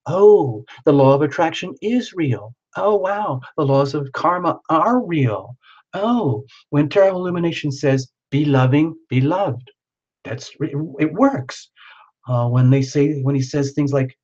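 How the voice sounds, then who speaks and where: A man's voice: mid-range voice, a little mellow. A man hosting a live tarot reading stream, talking in an earnest, rambling way full of filler words. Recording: slightly dull lo-fi audio.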